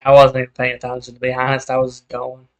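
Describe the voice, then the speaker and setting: A man's voice: mid-range voice, completely flat delivery, fast talker, dull audio. A young man streaming a game, chatting casually and rambling as he vents, swearing freely. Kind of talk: casual chat while gaming.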